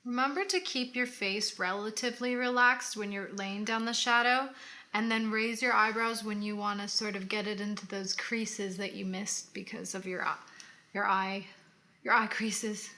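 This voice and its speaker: Playful lady with a bright voice giving makeup tips in a tutorial. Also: medium pitch, fairly even intonation, normal speed. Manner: playful, gives tips as she goes. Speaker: co-host of a makeup channel. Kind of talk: casual makeup tutorial chat.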